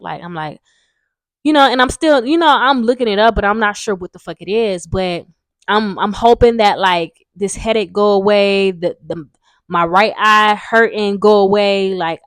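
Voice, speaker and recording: A woman's voice: medium pitch, moderate pace, no echo, clean studio sound. A young woman tells a personal story in a rambling, frank way, full of fillers and swearing. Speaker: vlogger. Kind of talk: casual storytime vlog.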